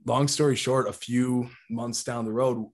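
A man's voice: mid-range voice, fairly even intonation, a little slow. A man who founded a company, talking earnestly and reflectively about his business and leaning on "like" as a filler. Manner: earnest, reflective, uses "like" often. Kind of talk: casual conversational talk.

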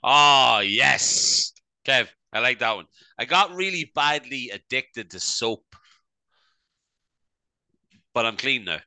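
A man's voice: mid-range voice, lively intonation, slow pace, pauses often, pushed and bright, no room sound. A man co-hosting a casual comedy podcast, rambling and tagging "right?" onto his sentences. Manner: rambling, peppers speech with "right?". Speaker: podcast co-host.

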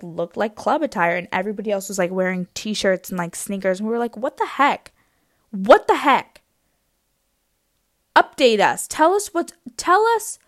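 A young woman hosting a podcast, telling a rambling story in a casual, animated way with lots of filler words. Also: mid-range voice, no room sound, studio quality. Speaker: podcast host.

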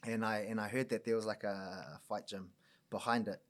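A man in his thirties with a New Zealand accent, a guest telling stories in a casual, slangy, animated way with frequent laughter. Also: lowish voice, brisk. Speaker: guest, mental performance coach. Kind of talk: casual storytelling chat.

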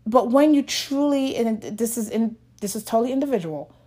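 A woman's voice: fairly high pitch, lively intonation, normal speed, dark tone. Earnest woman sharing a tearful faith story. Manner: emotional, earnest, with many restarts. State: close to tears. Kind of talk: personal faith testimony, casual.

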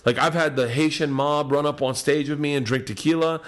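A middle-aged man telling wild stand-up stories in a casual, profane talk, swinging between loud and hushed. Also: a little high, fairly even intonation, fairly quick. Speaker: guest comedian. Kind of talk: casual podcast storytelling.

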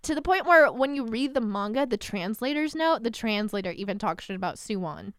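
A young woman co-hosting a casual anime podcast, animated and profane, laughing often and dropping into whispers. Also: fairly high pitch, fairly quick, clear, resonant tone, dry recording, clean studio sound. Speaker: podcast co-host.

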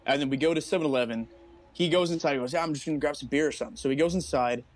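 A man's voice: a little high, rapid-fire. A young man co-hosting a casual chat podcast, telling stories with lots of swearing and acted-out quotes. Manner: animated storytelling, heavy swearing, acts out quotes. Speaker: podcast co-host.

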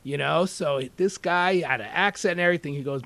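A talkative chef from New York telling stories in an animated, rambling way, full of "you know.". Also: male voice, on the high side, fast talker, no echo. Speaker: executive chef and deli owner. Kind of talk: casual interview talk.

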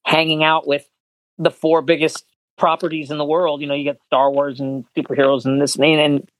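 A man being interviewed as a voice actor, telling animated anecdotes and acting out quotes in higher voices. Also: a little fast, dry recording, poor audio. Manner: animated storyteller, acts out quotes in high voices. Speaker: voice actor guest.

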